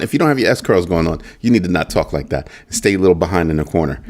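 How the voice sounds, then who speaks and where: A man's voice: low-pitched, animated, fast talker, few pauses, darkish tone. A man hosting a crypto news livestream in a casual commentary style. He banters jokingly with viewers in the chat and keeps repeating the catchphrase "just saying.".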